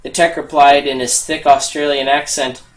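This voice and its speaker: Animated man reading tech jokes. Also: a little high, moderate pace, low-quality recording. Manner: animated joke-telling with loud put-on customer voices. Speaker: podcast co-host. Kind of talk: casual podcast chat, reading tech jokes aloud.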